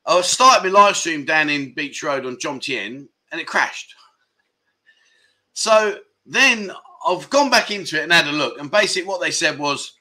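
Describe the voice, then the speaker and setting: A man's voice: on the high side, lively intonation, normal speed, sharp tone. A man hosting a casual livestream chat show from his phone, rambling and reading out viewer comments. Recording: live stream from a mobile phone.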